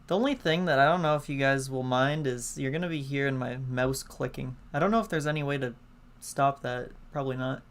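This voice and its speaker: A man hosting a live gameplay stream, chatty and excitable as he greets viewers. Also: mid-range voice, fairly quick. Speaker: gaming streamer. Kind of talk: live let's-play commentary. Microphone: laptop setup. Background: faint game music.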